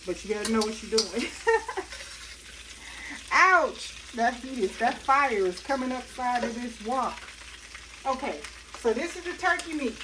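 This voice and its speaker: This cooking-channel host speaks at a moderate pace in a fairly high voice, laughing and chatting in a folksy way during a casual demo in her home kitchen. Recorded from a distance beside a hot stove, her words compete with a loud, noisy sizzle of frying.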